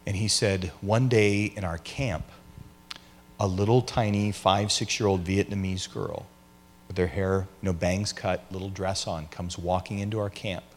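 A man's voice: low voice, steady tone, unhurried, slight background noise. A man, a pastor, answering an audience question by telling a story in a conversational way, acting out the people he quotes. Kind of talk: teaching session with audience questions.

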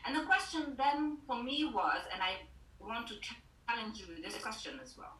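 A woman's voice: a little high, lively intonation, normal speed, a bit bright. A woman Bible teacher giving an online sermon on a video call, earnest and putting direct questions to her listeners. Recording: roomy, distant mic.

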